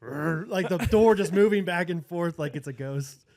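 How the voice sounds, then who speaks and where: A man's voice: high voice, moderate pace, darkish tone. A man with a Midwestern American accent co-hosting a podcast, chatting casually with lots of fillers and laughter. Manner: laughs often, rambling with many fillers. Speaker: podcast co-host. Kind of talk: casual chat.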